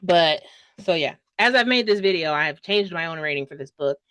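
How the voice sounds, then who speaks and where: A young woman talks through a book she loved in a loose, gushing vlog style, piling on fillers and dramatic asides. Her voice sits a little low for a woman. The recording is close and dry, with no room sound. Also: animated, a little fast, fairly bright tone, no room sound. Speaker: book reviewer. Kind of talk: casual book review vlog.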